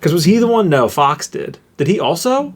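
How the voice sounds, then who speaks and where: A man's voice: on the high side, moderate pace, breathy edge. A young man co-hosting a podcast, chatting casually and ranting with mocking asides. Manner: animated, ranting, mocking voices in quotes. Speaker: podcast co-host. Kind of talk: casual chat.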